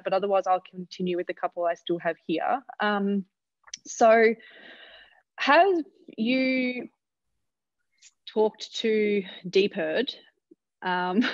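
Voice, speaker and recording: A woman moderating an online panel, reading out audience questions in a relaxed way. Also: sits low, creaky, no echo, dull audio. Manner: relaxed, laughs easily.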